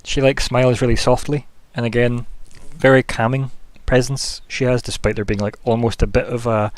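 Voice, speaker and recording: A man's voice: medium pitch, little pitch movement, normal speed, dry recording. A man narrating a tabletop game as game master, rambling casually with plenty of fillers. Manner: rambling, loose, full of fillers like "kinda" and "like".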